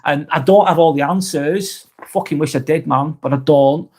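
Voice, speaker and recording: A man's voice: fairly high pitch, normal speed, a little mellow. A man hosting a live vlog, talking frankly and earnestly, swearing often and restarting his sentences. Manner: earnest and sympathetic. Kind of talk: casual live-stream chat.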